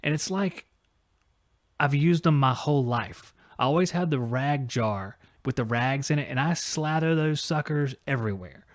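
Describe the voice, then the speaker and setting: A man's voice: medium pitch, normal speed, no room sound, studio quality. A man hosting a live podcast, chatting casually in a rambling, joking, self-deprecating way. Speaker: podcast host. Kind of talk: casual livestream chat.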